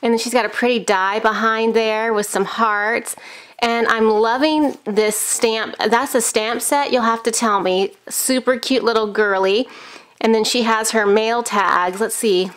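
A woman in her thirties talks casually as she unboxes a crafting package for her video. Her voice sits on the high side, and she gushes with delight and lets out gasps. She speaks slowly and takes her time. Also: fairly even intonation, a bit bright, clear, resonant tone. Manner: gushing, enthusiastic, frequent gasps. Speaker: crafting YouTuber.

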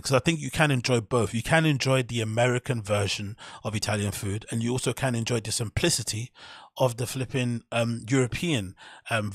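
A man hosting a podcast, reacting to a clip in casual, animated commentary full of swearing and mocking quotes. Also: mid-range voice, husky, dry recording, clean studio sound. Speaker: podcast host reacting to clips.

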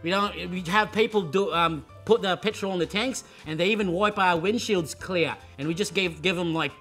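A playful man from the Philippines interviews in character, leaning on a put-on Australian accent. His voice sits high and bright, quick to laugh. Soft music plays faintly behind him. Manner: playful, joking, laughs often. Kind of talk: jokey entertainment interview.

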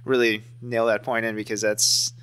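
Man, 30s, podcast co-host, rambling and profane, bright forceful tone. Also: fairly low pitch, level tone, moderate pace, smooth. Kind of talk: casual podcast banter.

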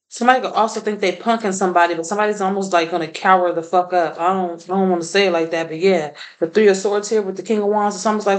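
A woman's voice: medium pitch, fairly even intonation, fast, hardly any pauses, low-quality recording. Blunt, profane woman reading tarot. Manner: blunt and profane, laughs often. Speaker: tarot reader.

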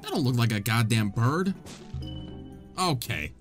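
A man narrates his gameplay in a wisecracking let's-play style, laughing often. His voice swings high and low with lively pitch. Soft game music plays underneath. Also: a little slow. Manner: jokey, wisecracking, laughs a lot. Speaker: gaming channel host.

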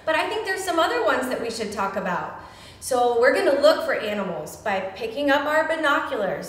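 A young woman librarian leading a virtual story time for small children, talking in an animated, playful sing-song way. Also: high-pitched. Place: library room. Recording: echoey room with long reverb.

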